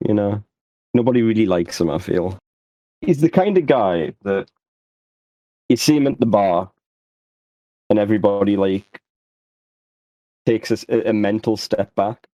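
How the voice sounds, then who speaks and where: Low mellow guy joking around at the game table, dry close mic. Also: animated, a little slow, pauses often, no room sound. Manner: joking, rambling, hesitant. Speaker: player. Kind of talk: casual game chat.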